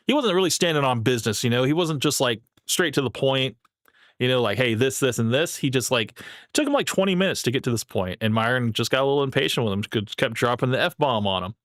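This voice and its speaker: A man's voice: mid-range voice, expressive, a little fast, fairly bright tone, dry recording, clean studio sound. A young man casually commenting on a clip he is watching, rambling and laughing often. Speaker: streamer reacting to clips.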